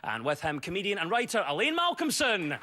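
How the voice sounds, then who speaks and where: A Scottish man hosting a comedy panel show, reading wry jokes briskly. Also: high-pitched, huge pitch swings, a loud crowd, very noisy. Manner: brisk joke-delivery, wry. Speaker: host. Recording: studio audience laughing.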